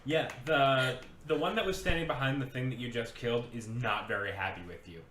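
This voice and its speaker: A woman acting as game master, narrating combat in a slow, deliberate way. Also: rumbling low, a bit bright, slight background noise. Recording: roomy echo.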